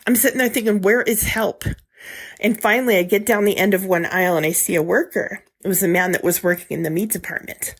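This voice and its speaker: A woman's voice: medium pitch, steady tone, fast talker. A woman telling a frightening story from her own life as a guest. She tells it with feeling and acts out what she said back then. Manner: emotional, acts out her own past words. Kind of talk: first-person retelling.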